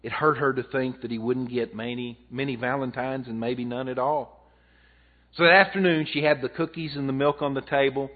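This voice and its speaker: A man's voice: mid-range voice, fairly even intonation, moderate pace. A male pastor preaching a sermon, telling a story and swelling and dropping his voice for emphasis. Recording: tinny phone-like audio.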